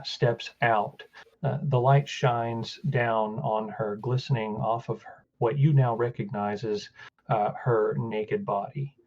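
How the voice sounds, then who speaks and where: A man narrating a tabletop game as game master, halting, with many fillers and restarts. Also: medium pitch, darkish tone, dull audio.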